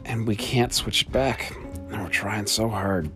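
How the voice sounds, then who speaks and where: A man's voice: fairly low pitch, unhurried, music in the background. A man hosting a casual solo podcast, rambling and swearing with frequent laughs while he walks around his studio. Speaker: podcast host.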